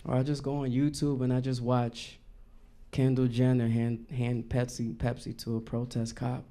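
A man performing a stand-up comedy set on a live stage, talking in a loose, slangy way and acting out characters in quick quotes. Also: mid-range voice, little pitch movement, mellow. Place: live venue stage with audience.

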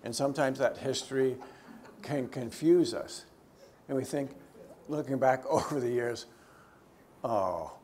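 A man, a theologian, teaching a church group in a conversational way, lifting his voice for emphasis and dropping to quiet, low asides. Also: a little slow, pauses often. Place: church gathering.

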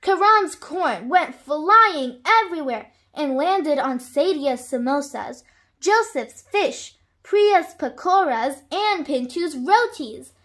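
A woman reading a children's picture book aloud, with clear, expressive storytelling. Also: high voice, takes it slowly.

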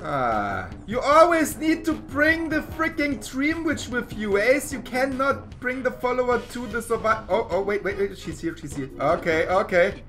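A woman giving casual gameplay commentary as a gaming YouTuber, excitable and often exasperated, laughing as she plays. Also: fairly high pitch, unhurried.

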